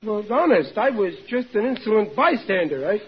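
An actor playing a blundering, good-hearted working-class husband with a Brooklyn accent, stammering and flustered in 1940s radio acting. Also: male voice, high-pitched, big pitch swings, moderate pace. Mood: blustering. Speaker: sitcom lead. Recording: muffled old radio broadcast with faint hiss.

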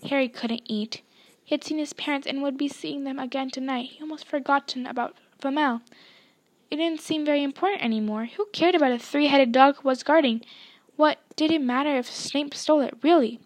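A woman reading a novel chapter aloud with expressive storytelling. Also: sits high, a little fast. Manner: expressive storytelling, voicing dialogue. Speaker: reader.

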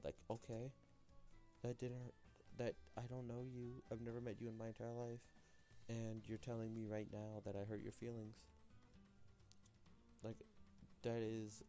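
A young man rambles through a solo podcast episode, trailing off and correcting himself as he goes. His voice sits fairly low, with faint music under it. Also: a little mellow. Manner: rambling, self-correcting, full of "like" and restarts. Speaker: podcast host.

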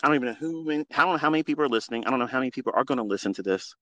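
A man hosting a live audio space, speaking into a phone in an earnest, preachy, profane monologue that swings from quiet to loud. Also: medium pitch, lively intonation, racing. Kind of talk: impassioned unscripted monologue.

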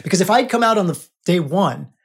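A man's voice: sits high, animated, quick pace, gravelly, slightly rough. A man hosting a podcast as a coach, teaching in an emphatic, repetitive way. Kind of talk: spiritual coaching monologue.

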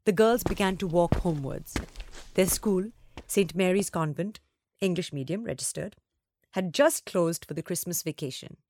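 A woman reading a children's story aloud, with expressive, varied delivery. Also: on the low side, normal speed, a little hiss or hum.

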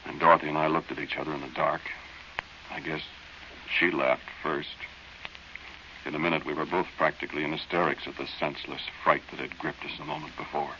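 A plain-spoken man recalls a night of fear, in a very deep voice with a gravelly edge and a bright, forceful tone. He tells it slowly and confidingly, like a 1940s radio narrator. The old recording sounds dull and hissy. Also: flat delivery, exaggerated voice. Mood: hushed, reflective. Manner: slow, confiding storyteller.

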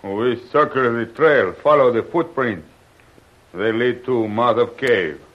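An actor playing a slow-witted native hunter who speaks halting broken English, in 1940s radio acting. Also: male voice, medium pitch. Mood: puzzled. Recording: muffled old radio transcription.

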